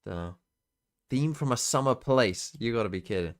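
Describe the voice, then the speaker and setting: A man's voice: mid-range voice, lively intonation, normal speed, smooth. A man streaming casually, muttering to himself and swearing often as he plays along. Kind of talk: casual live-stream commentary.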